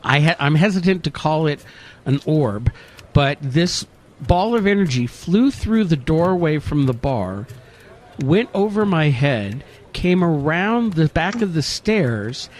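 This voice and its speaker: A man's voice: on the high side, a little slow. A man, a paranormal investigator and co-host, chatting casually on a radio show and telling stories with frequent fillers. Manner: relaxed storytelling with frequent fillers.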